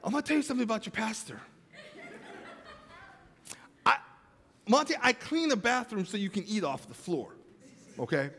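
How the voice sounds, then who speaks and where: Pastor guy preaching, high voice, funny stories then gets soft and serious, big echoey church. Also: normal speed, pauses often. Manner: storytelling with humor, swings from animated to soft and earnest. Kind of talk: sermon. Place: church sanctuary.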